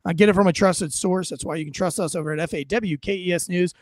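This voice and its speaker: A man's voice: high-pitched, fast, dry recording, clean studio sound. A man hosting a podcast, talking through a video clip in emphatic, casual commentary with frequent fillers. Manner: emphatic, punchy, with many fillers. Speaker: podcast host.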